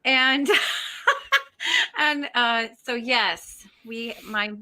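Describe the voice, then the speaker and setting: A woman's voice: fairly high pitch, huge pitch swings, extremely slow, pushed and bright. A woman from Southern Indiana chatting casually on a livestream, giggly and laughing often. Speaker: co-host. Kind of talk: casual chat.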